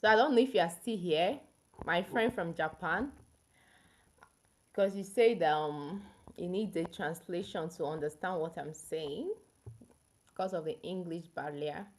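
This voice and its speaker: A young woman with a Nigerian accent hosts a casual livestream, talking straight to a viewer and explaining things at length. Her voice sits a little low. She keeps a chatty, easygoing flow. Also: measured pace, long pauses, slight background noise. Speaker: livestream host.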